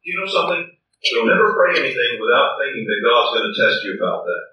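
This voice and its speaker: A man's voice: medium pitch, very animated, quick pace, highs cut off, slight background noise. A man preaching a sermon, telling the story dramatically and acting out its scenes. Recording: echoey room from a distance.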